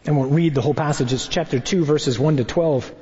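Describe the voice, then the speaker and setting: A priest teaching in a conversational sermon, animated and wry, tossing out rhetorical questions. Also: male voice, fairly high pitch, brisk. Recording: dull recording in a reverberant hall.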